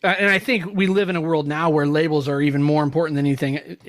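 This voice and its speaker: A man's voice: on the high side, steady tone, fast. A man in his forties hosting a podcast, talking in a thoughtful, reflective way. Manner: thoughtful, searching phrasing. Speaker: podcast host. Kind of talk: reflective conversation.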